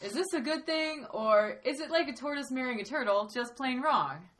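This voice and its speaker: A woman moderates a comedy podcast debate in a dry, matter-of-fact manner. Her voice sits slightly high. The banter is loose and improvised. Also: expressive, moderate pace, a bit bright.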